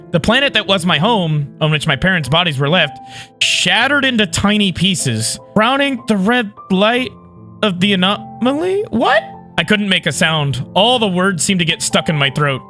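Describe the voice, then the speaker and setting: A man reading a visual novel aloud, breaking off into excited, yelling reactions. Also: fairly high pitch. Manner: excitable, shrieks and yells reactions.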